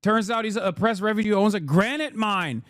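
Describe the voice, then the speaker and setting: A man's voice: high-pitched, a little fast, fairly bright tone, dry recording. A man doing casual livestream commentary, sarcastic and profane, riffing and talking into a close desk mic. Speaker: streamer and political commentator.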